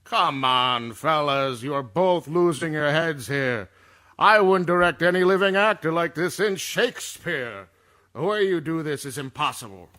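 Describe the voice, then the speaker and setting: A haughty star actor who bristles at every note on his reading, as a man puts him on, his voice set a bit high and bright. He talks with imperious, fussy indignation. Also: animated, a little slow. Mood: scolding. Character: pompous irritable male star actor recording ads. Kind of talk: comedic voice-over session re-enactment.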